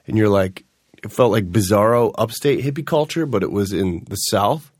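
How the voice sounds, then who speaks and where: A man with a fairly low voice hosts his podcast in a loose, rambling monologue. He swears freely and jumps from topic to topic with animated energy. The sound is close and dry, with no room around it. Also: normal speed, husky, no room sound. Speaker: podcast host.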